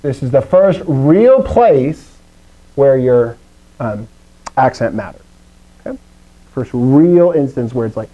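A man teaching a Greek class to students in a classroom, animated, with pitch swings and playful asides. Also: takes it slowly, pauses often, lo-fi sound. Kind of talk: live classroom lecture.

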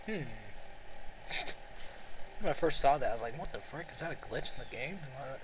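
Rambling breathy young man gaming. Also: mid-range voice, animated, moderate pace. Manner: rambling, self-mocking, frequent laughs and sighs. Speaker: let's play commentator. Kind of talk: casual gameplay commentary. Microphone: close home mic. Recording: noisy home recording.

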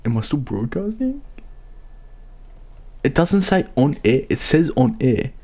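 A man's voice: mid-range voice, sing-song, measured pace, warm tone. A young man streaming a football video game, chatting casually with crude swearing and joking banter. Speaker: gaming streamer. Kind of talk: casual gaming-stream chat.

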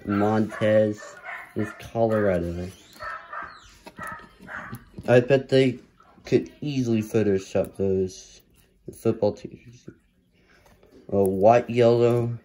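A man's voice: on the low side, dark tone, a little hiss or hum, low-quality recording. A man casually narrating as he opens trading card packs, muttering hopeful running commentary. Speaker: card collector opening packs. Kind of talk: casual pack-opening commentary.

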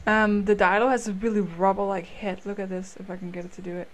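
A woman's voice: mid-range voice, flat delivery, fast, slight background noise. A woman giving chatty, playful let's play commentary with goofy asides. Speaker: gamer. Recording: game sounds loud behind voice. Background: game audio, dinosaur calls.

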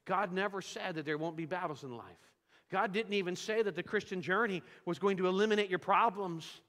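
Animated male pastor in a reverberant church. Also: high voice, brisk. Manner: storytelling with homespun humor, animated. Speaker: visiting pastor. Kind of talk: sermon. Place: church sanctuary.

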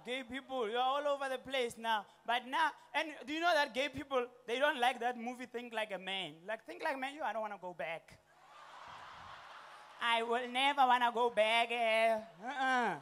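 South African stand-up, young man, very high pitch, animated delivery with slang and put-on voices. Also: slight background noise. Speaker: stand-up comedian. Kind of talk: stand-up comedy set. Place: comedy stage before a live audience.

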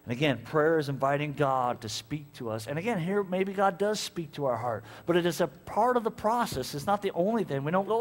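A man's voice: fairly high pitch, moderate pace, big-room sound, faint music behind. A male pastor preaching a sermon, telling stories and acting out both sides of conversations. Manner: animated storytelling, acts out conversations. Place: church sanctuary.

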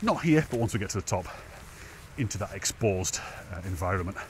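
Animated and fairly quick, the lowish-voiced hiking vlogger keeps up casual walking chat on a wet, windy mountain path, a bit out of breath and often laughing at his own expense. A little hiss or hum sits under his voice.

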